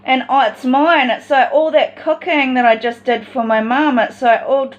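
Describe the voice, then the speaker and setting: High-voiced woman, agitated and rambling. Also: steady tone, moderate pace, dull audio. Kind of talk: personal vlog monologue.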